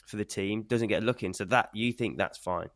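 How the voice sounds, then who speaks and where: A man on a relaxed sports podcast who keeps pushing back with probing questions. His voice sits fairly low, and the recording is dry and close, with no room sound. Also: a little fast, no echo. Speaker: podcast co-host. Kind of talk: casual sports podcast debate.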